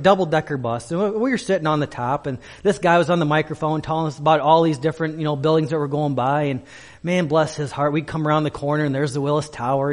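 A man, a pastor in his thirties or forties, preaching a sermon that runs through a long personal story, acting out the people he quotes and often repeating or restarting words. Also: fairly high pitch.

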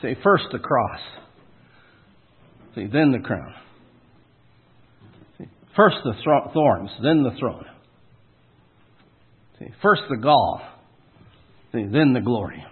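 A man's voice: medium pitch, very animated, slow pace, pauses often, slightly rough. A man preaching a sermon in a folksy, punchy way, asking the listeners questions and hitting key words hard. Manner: folksy, punchy preaching with rhetorical questions and sudden loud emphasis. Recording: tinny phone-like sound.

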